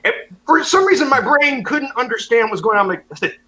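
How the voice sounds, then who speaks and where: A man's voice: extremely high pitch, fast talker, a little hiss or hum, poor audio. A young man co-hosting a podcast, telling a story in casual chat and acting out the voices of the people in it. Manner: animated, acts out voices and laughs often. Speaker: podcast co-host.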